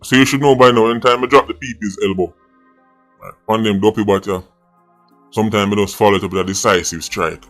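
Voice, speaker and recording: Low-voiced scornful Jamaican man. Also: fairly bright tone. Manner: scornful, mocking. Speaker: online commentator. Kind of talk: clip of a commentary video.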